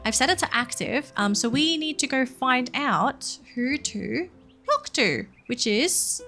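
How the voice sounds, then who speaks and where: A woman's voice: high-pitched, expressive, slow, pushed and bright, faint music behind. A young woman casually commenting on a horse game as she plays, chatting to the characters on screen. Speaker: gaming channel host.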